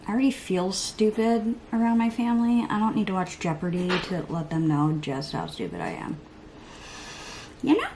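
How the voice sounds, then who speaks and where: A woman's voice: mid-range voice, lively intonation, moderate pace. Chatty woman talking to herself while doing makeup, bouncy up-and-down voice, whispers little asides, faint background noise. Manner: rambling and self-mocking, talks to herself with quoted asides and whispered mutters. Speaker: beauty vlogger. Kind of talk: chatty get-ready-with-me makeup vlog. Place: home, at her makeup table.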